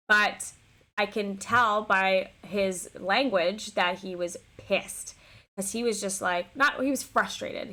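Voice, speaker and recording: A woman streamer telling a personal story in a casual, animated way, swearing freely and restarting her sentences. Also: mid-range voice.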